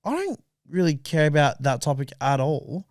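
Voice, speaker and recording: Young man, podcast co-host, lively voice, dry close sound. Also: fairly high pitch, normal speed, no echo. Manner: animated, swears freely, acts out kids and parents. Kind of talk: casual chat.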